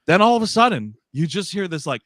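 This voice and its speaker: A bright-voiced, high-pitched man tells a lively story at a quick pace as a podcast co-host in casual chat. He's an animated storyteller who acts out quoted voices, and the recording is dry with clean studio sound.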